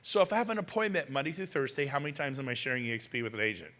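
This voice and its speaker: Bright-voiced man telling stories on a hall stage. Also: mid-range voice. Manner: punchy storytelling with quick questions to the crowd. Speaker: motivational speaker. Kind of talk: energetic stage talk to an audience. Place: large hall. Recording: long reverb in a large hall.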